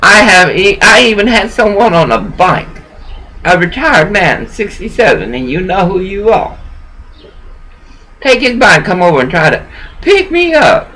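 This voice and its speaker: Very animated yet unhurried, her mid-range voice sounds pushed and bright over a rough laptop-webcam recording. The woman, a vlogger at home, delivers a rambling, preachy, emotional monologue that swings between laughter and bitterness.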